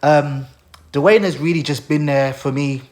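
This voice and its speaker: A man's voice: on the high side, a little slow, darkish tone. A man hosting a casual live stream, talking in a heartfelt and emotional way as he thanks people.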